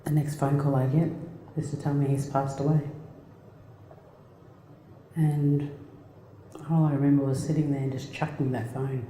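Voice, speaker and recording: A woman's voice: very deep voice, flat delivery, dark tone, slight background noise. Woman telling a personal story in an echoey hall. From Australia. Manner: reflective storytelling, plain and halting. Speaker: speaker. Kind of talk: personal talk. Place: lecture hall.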